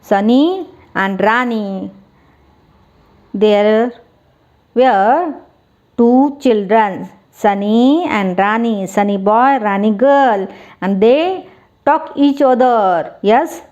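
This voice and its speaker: A woman's voice: on the high side, lively intonation, very slow, a little mellow, dull audio. A woman teaching a children's lesson in simple English, spelling out words letter by letter.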